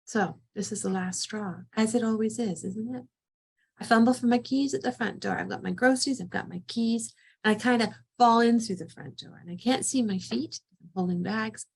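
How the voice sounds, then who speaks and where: A woman's voice: a little high, moderate pace, vocal fry, breathy edge. A middle-aged woman psychotherapist leading a training session, telling a vivid first-person scenario.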